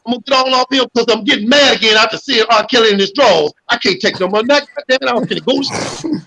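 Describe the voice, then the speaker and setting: A man calling in to a livestream chat, talking in an animated, preachy way and swearing freely. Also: very high-pitched, very fast, low-quality recording. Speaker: guest caller.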